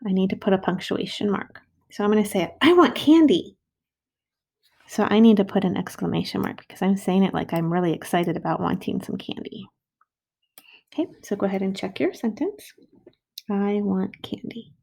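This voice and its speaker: A woman teaching first graders to write a sentence, slowly sounding out each word and syllable with patient, clear steps. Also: medium pitch, mellow. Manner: slow, patient, sounding out words. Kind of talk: recorded writing lesson for children. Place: home. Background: dog barking.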